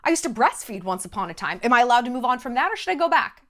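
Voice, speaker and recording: A woman vlogger talks straight to camera in a slightly high, fairly bright voice that races along with big swings in pitch. She's blunt and emphatic, swears freely, and hammers her points home with short repeated phrases.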